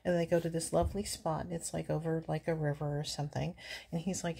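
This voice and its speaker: A breathy, husky woman in her forties talks in a loose, rambling way, dry and sarcastic. She is easily amused. Her voice sits a little low, and she is slightly out of breath from walking. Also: level tone, fast talker, dark tone. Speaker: vlogger reacting to a movie. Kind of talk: casual rambling chat.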